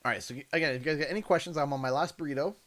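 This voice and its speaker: A man's voice: fairly high pitch, racing, fairly bright tone. A Canadian man hosting a livestream, chatting in a rambling, effusive way and thanking viewers over and over. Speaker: livestream host. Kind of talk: casual livestream chat.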